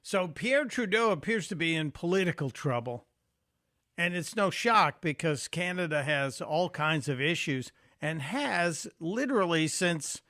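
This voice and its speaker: A man guest-hosting a radio talk show speaks in a chatty, folksy manner with a slightly high voice. The studio mic sound is close and very dry, with no room around it. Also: a bit bright, no room sound. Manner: conversational, folksy, with fillers. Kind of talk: talk radio monologue and call-in.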